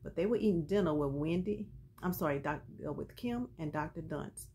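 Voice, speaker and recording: A chatty woman tells a TV episode's story in a lively, casual way, dropping in colloquial asides. Her voice sits a little low. A faint background noise hangs under it. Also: brisk. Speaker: TV episode recapper.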